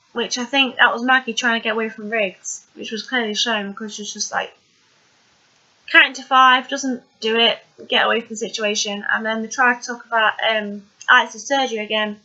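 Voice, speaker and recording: A woman's voice: fairly high pitch, steady tone, fairly quick, bright, forceful tone, dull audio. A woman casually recapping a TV episode, chatty and rambling with plenty of fillers.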